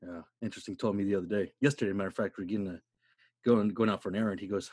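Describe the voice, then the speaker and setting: A man's voice: on the low side, fairly even intonation, racing, darkish tone, slightly rough, dry recording, clean studio sound. A man in his thirties hosting a podcast, telling casual stories in a laid-back way, full of swearing and "dude". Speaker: podcast host. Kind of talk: casual chat.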